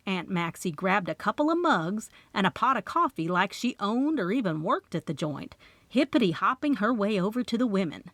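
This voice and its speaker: Expressive woman audiobook narrator. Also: medium pitch, normal speed, no room sound. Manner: expressive storytelling with character voices. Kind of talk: first-person audiobook narration.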